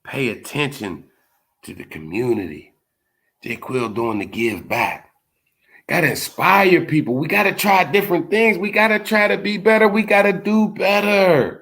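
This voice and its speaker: A man's voice: a little high, normal speed, fairly bright tone. A man speaking in a frustrated, impassioned monologue, repeating "man" often. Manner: frustrated, preachy, repetitive "man" tags. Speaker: vlogger.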